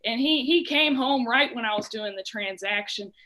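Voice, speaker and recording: Bright-voiced young woman doing stand-up. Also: a little high, normal speed, rough recording. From Dayton, Ohio. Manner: animated storytelling with shouted impressions and a sung bit. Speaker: stand-up comedian. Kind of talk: stand-up comedy set.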